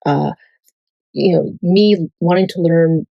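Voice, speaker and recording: Woman vlogger, lowish mellow voice, dry close sound, rambling, filler-heavy, profane. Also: slow, gravelly, dry recording, lo-fi sound. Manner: swears freely. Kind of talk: casual rambling monologue.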